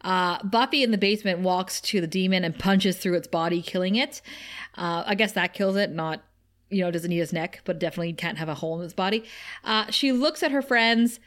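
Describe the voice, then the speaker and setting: A woman's voice: lowish voice, fairly quick, fairly bright tone. A woman co-hosting a podcast, recapping an episode in a chatty, filler-heavy way. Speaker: podcast co-host.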